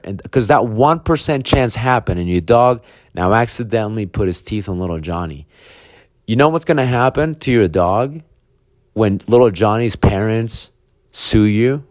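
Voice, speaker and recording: A low-pitched man, a dog trainer hosting his own podcast, delivers a casual, profane monologue and slips into voices for imagined conversations. The sound is dry and close, with no room around it. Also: a little mellow, no echo. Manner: blunt, profane, acts out hypothetical dialogue.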